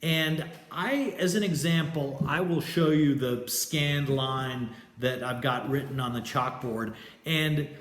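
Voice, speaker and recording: A man's voice: mid-range voice, takes it slowly, a bit bright, roomy sound. A man teaching a poetry class in a casual lecture style, hesitant and loose, with many fillers and restarts. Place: classroom with a chalkboard.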